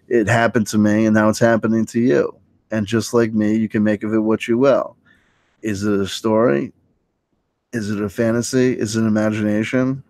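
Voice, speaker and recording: A man's voice: on the low side, no room sound. A man hosting a late-night livestream, talking in a rambling, hesitant way with many restarts and sudden lifts in voice. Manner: rambling, hesitant, full of restarts, animated when quoting. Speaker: livestream host.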